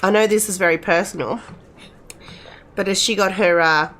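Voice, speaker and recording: A middle-aged woman chats casually on a live stream. Her talk rambles, with frequent restarts and loose asides to her viewers. Her voice sits at an ordinary middle pitch. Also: normal speed, a bit bright, slight background noise. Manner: chatty, rambling with many restarts.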